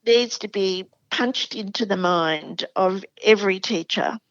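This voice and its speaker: A woman's voice: medium pitch, measured pace, no echo, muffled recording. An Australian woman, a literacy educator, explaining classroom spelling enthusiastically in a podcast chat. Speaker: literacy educator, show regular. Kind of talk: conversational podcast interview.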